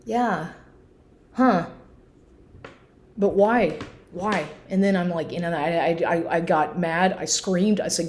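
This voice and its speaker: A woman's voice: on the low side, normal speed, darkish tone, roomy sound, slight background noise. A woman vlogging an angry personal rant at home, swearing constantly and firing off indignant rhetorical questions.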